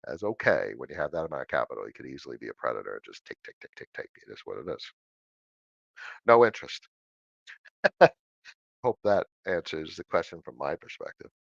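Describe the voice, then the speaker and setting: Animated man hosting a casual Q&A. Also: extremely low pitch, a little fast, gravelly, long pauses, husky, dry recording, muffled recording. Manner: animated, chatty, answers questions by reading them aloud. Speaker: crypto livestream host answering viewer questions. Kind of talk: casual livestream Q&A. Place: home desk with monitors.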